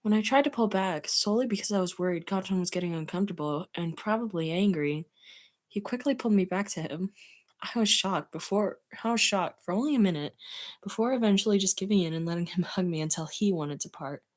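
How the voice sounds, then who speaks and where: A woman's voice: mid-range voice, brisk. Streamer, woman, casual read-aloud, giggly, chats to viewers. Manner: giggly, breaks off to comment. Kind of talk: reading fan fiction aloud on stream.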